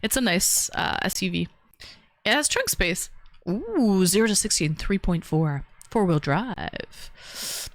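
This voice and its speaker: A woman's voice: mid-range voice, very animated, moderate pace, no echo. A woman hosting a casual livestream, chatting with viewers, laughing often and swearing casually. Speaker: livestream host reading chat.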